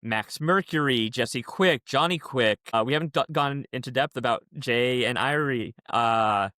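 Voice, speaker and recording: A man's voice: mid-range voice, measured pace, bright, forceful tone, no echo, clean studio sound. A man co-hosting a podcast, explaining things in a rambling, casual way. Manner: rambling, explains comic continuity at length. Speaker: podcast co-host. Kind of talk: casual chat.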